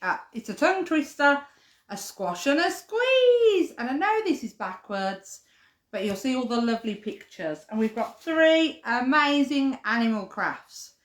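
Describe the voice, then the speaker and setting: A woman leading a live-streamed toddler playgroup, talking in a chatty, sing-song way to little ones and their parents. Her voice sits high and swoops widely, and she takes her time. The recording has an echoey room sound. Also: very animated, a little slow. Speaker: playgroup leader.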